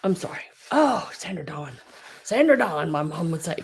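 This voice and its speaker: Tearful soft-spoken woman. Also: sits low, sing-song, slight background noise. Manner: halting, soft, often dropping to a whisper. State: tearful, crying. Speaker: online live-sale host. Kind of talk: emotional live-stream chat.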